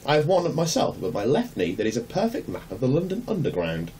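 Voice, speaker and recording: A man reading aloud and voicing a calm, wry old male wizard who speaks in a mild, dry, unhurried way. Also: mid-range voice, voice pushed up. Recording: distant mic, faint hum.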